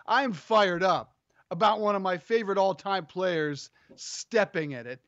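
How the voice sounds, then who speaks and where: A man with a notably high voice co-hosts a sports talk show from home, lively and playful. The sound is dry and close, with a dull, lo-fi edge. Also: measured pace, dry recording. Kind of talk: casual sports radio chat. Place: home studio.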